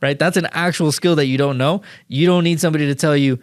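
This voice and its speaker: A man talking as a podcast guest in a rambling, slangy way, full of "like" and "dude", telling animated stories. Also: on the high side, fast talker, no echo, clean studio sound. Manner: animated storytelling. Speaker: podcast guest, marketing and sales speaker. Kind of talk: casual podcast conversation.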